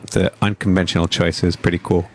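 Low-voiced relaxed young guy. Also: fairly quick, noisy background.

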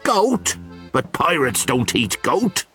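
A man voicing a gruff, bossy male pirate chief who barks his demands, read slowly in a storybook. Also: medium pitch, wildly swooping pitch, sharp tone, soft background music, pitched above the performer's own voice, exaggerated voice. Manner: barking, demanding.

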